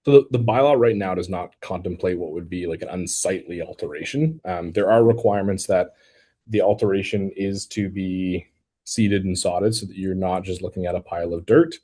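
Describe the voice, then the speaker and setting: A man's voice: deep voice, moderate pace, dark tone, slightly rough. A man from the city staff answering residents' questions at an online public meeting, careful and technical, often restarting his sentences with "um".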